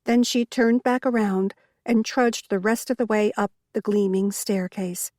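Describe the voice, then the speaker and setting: A woman narrating a cozy mystery audiobook in a measured storytelling manner. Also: mid-range voice, steady tone, darkish tone, no room sound, clean studio sound. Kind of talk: scripted narration.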